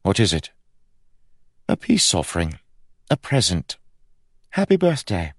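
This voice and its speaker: A man voicing a playful, teasing young prince of about twenty, calm and wryly amused. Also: low-pitched, measured pace, slightly rough, no echo, clean studio sound, pitched above the performer's own voice, exaggerated voice.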